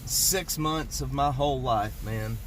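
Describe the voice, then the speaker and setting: A man's voice: medium pitch, slow, slight background noise. A man, live-streaming from beside his broken-down car in the cold, joking with viewers and sounding exasperated. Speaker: livestream host. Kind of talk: casual live-stream chat.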